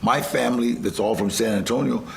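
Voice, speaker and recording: A man in his sixties telling stories in a casual interview, animated and laughing often. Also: medium pitch, brisk, creaky, a little hiss or hum. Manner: animated, laughs often, acts out shouted quotes. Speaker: guest actor.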